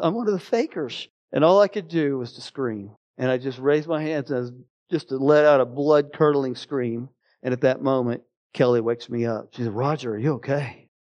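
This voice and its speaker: A middle-aged man preaching a sermon in a church, telling a personal story with bursts of loud exclamation and quiet, low passages. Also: highs cut off. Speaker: pastor. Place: church sanctuary.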